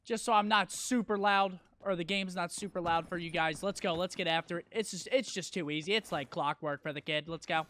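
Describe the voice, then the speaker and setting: A man's voice: high voice, a little fast, hardly any pauses, a bit bright. A man doing live gameplay commentary as a gaming YouTuber, hyping himself up and mocking his own mistakes with sudden outbursts. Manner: hype, self-mocking trash talk, sudden outbursts.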